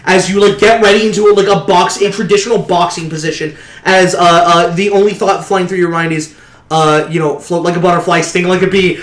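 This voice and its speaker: A man narrating as game master of a tabletop role-playing game, halting with many fillers and restarts and laughing often. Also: high voice, steady tone, fairly bright tone. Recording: echoey room, faint noise.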